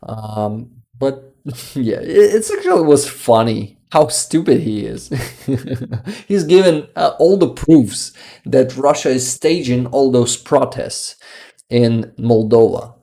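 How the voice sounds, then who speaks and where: Casual: guy reading his stream chat, slow, lots of ums. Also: medium pitch, animated, mellow. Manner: halting, searches for words, many fillers. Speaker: livestream host reading chat.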